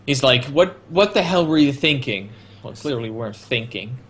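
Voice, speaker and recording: A man's voice: mid-range voice, animated, normal speed, fairly bright tone, slightly rough. A man co-hosting a casual podcast, chiming in with dry remarks and jokey asides about a TV episode. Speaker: podcast co-host. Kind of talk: casual chat.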